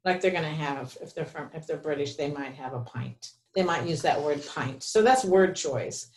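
Low-voiced woman in an echoey room. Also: moderate pace. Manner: explanatory, gives rules of thumb. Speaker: podcast co-host. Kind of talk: conversational teaching about writing.

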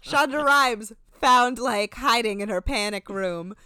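A woman's voice: fairly high pitch, measured pace, bright, forceful tone, clear, resonant tone, dry recording, studio quality. A woman co-hosting a podcast, recapping a reality show in casual chat with sarcastic, swearing asides.

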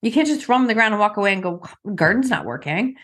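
A woman's voice: fairly high pitch, animated, very fast, fairly bright tone. A middle-aged woman giving a motivational talk in an earnest, coaching way, putting questions to the listener.

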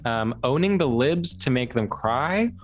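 Animated, giggly male podcast co-host. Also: medium pitch, a little slow, faint music behind. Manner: animated, giggly, trails off with fillers. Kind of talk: casual comedic chat.

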